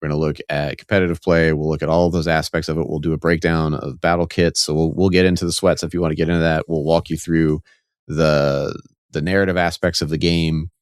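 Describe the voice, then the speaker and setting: A deep, smooth-voiced man co-hosts a casual podcast. He explains game rules step by step with real enthusiasm. The sound is dry and close. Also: flat delivery, fast talker, no echo. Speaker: podcast co-host.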